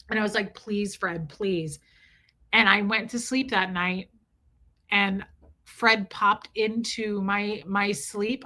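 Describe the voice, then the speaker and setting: Bright-voiced woman livestreamer chatting with viewers. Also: medium pitch. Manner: emotional, candid, talks straight to chat viewers. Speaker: livestream host reading chat. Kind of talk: casual livestream chat.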